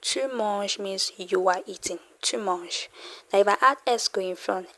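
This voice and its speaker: Slow, patient woman teaching French. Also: medium pitch, fairly bright tone. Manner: slow, repeats phrases, explains patiently with fillers. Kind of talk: casual online language lesson.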